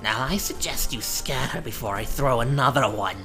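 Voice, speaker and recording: A man voicing a fierce, foul-mouthed old grandmother who is protective of her granddaughter and speaks in a gruff, blunt, folksy way. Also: medium pitch, lively intonation, moderate pace, over music. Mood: scornful.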